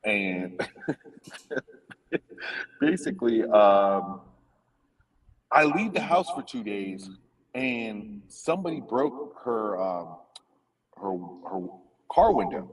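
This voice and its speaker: A man in casual conversation, telling a funny personal story with lively laughter, heard from a distant phone. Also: fairly low pitch, takes it slowly, long pauses, breathy edge. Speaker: comedian guest. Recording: distant phone audio with crowd noise. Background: crowd chatter at a cookout.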